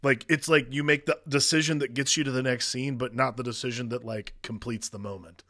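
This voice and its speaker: A man's voice: medium pitch, steady tone, fairly quick, bright, forceful tone. A man co-hosting a podcast, rambling through a casual comedic movie review with many fillers and restarted sentences. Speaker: podcast co-host.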